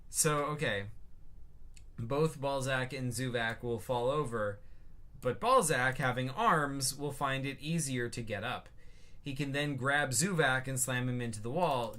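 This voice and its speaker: A man's medium-pitched voice sounds pushed and bright as he casually presents his own game during a livestream. Rambling and full of fillers, he reads his notes out and voices chat messages while replying to them.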